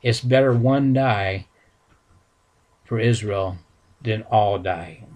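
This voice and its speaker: A man voicing a scheming older high priest who speaks low and calm. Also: slow pace, low-quality recording.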